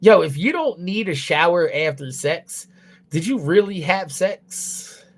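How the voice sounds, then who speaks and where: A man's voice: sits high, lively intonation, a little slow. A young man chatting on a livestream, crude and blunt, swearing constantly and rambling loosely with restarts. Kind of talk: casual livestream chat.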